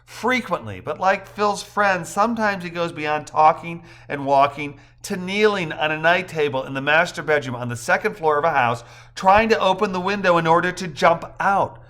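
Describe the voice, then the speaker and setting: A man reading the part of a chatty young wife, telling a story with brisk amusement. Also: a little high, fairly bright tone, voice pushed up, close to an everyday voice. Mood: amused.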